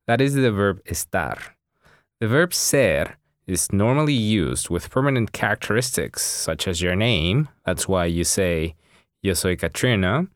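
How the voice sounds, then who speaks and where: A man with a very low, deep voice teaching on a language podcast, recorded dry and close. He explains grammar patiently and backs each point with simple examples. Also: no echo. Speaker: Spanish teacher and podcast co-host.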